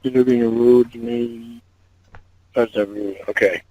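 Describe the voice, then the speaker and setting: A man's voice: mid-range voice, steady tone, a little slow, gravelly, no echo. A man on a phone call, agitated, swearing often and repeating himself.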